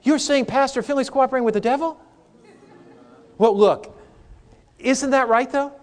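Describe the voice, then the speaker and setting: A man's voice: very high voice, normal speed. A man, a pastor, teaching a sermon class and asking the audience questions. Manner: animated, asks the audience questions. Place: hall with a live audience.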